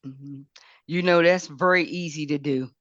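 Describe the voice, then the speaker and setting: A woman's voice: low-pitched, steady tone, measured pace, fairly bright tone, no room sound, highs cut off. A woman speaking as a podcast guest, emphatic and preacherly, repeating her points with rising and falling emphasis. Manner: emphatic, repeats words, preacherly rise and fall. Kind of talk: impassioned talk.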